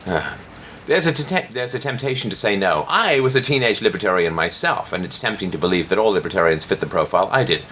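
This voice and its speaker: Middle-aged male host, low-pitched, sardonic article rebuttal with mocking swoops. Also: quick pace, few pauses, bright, forceful tone, slight background noise. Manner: mocking, theatrical jumps in pitch when scoffing. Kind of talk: sarcastic commentary on a read-aloud article.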